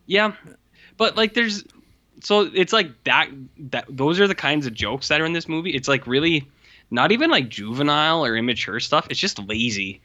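Animated man with a bright, muffled voice. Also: on the high side, moderate pace. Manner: animated, mimics film lines, swears freely. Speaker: podcast co-host reviewing movies. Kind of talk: casual film review chat. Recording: muffled lo-fi sound.

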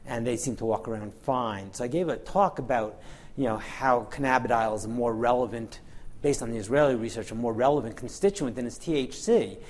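A middle-aged man delivers a medical lecture in a mid-pitched, everyday voice. He talks candidly and wryly, leaning on fillers like "you know" and "um" and circling back to restart his phrases. His tone is that of an experienced clinician telling stories to an audience. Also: fairly quick, darkish tone. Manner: candid, wry storytelling with frequent fillers. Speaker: physician and pain researcher.

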